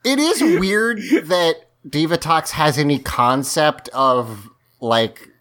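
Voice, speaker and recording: A man's voice: on the high side, lively intonation, takes it slowly, pushed and bright. Rambling man on a casual podcast. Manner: rambling, lots of fillers and restarts. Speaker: podcast host recapping a TV episode. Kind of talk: casual chat.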